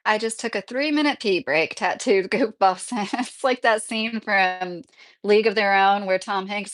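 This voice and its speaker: A woman's voice: mid-range voice, moderate pace, a bit bright. A woman in her thirties talks casually on her own livestream. She reads viewer comments aloud, rambles, and laughs often as she goes. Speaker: YouTube livestream host.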